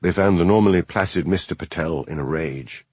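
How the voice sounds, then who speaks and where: A man narrating an audiobook in a measured, expressive reading. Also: low-pitched, slightly rough. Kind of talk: scripted narration.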